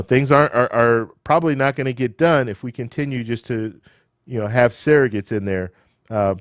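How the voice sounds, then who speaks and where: Animated man hosting a livestream, dry sound. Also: medium pitch, dry recording. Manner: animated, repeats words and restarts, rhetorical questions. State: losing his voice. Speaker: livestream host. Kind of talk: casual live commentary and chat Q&A.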